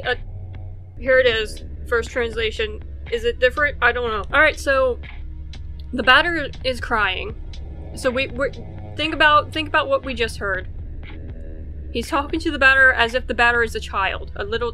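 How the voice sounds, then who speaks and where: A woman's voice: on the high side, pushed and bright. A woman casually commentating on a game as she plays, chatty and thinking aloud. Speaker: let's play host.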